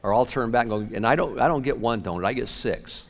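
A man preaching a sermon as pastor, animated, shifting between loud outbursts and hushed asides. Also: medium pitch, quick pace, vocal fry. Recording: long reverb of a large hall.

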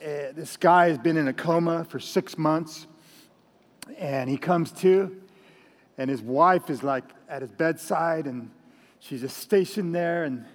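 A man preaching at an evening church service, talking loudly and telling jokes in a chatty, laughing way. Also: fairly high pitch, unhurried, in a large hall. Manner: loud, chatty, laughing storyteller. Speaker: pastor. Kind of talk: sermon with jokes.

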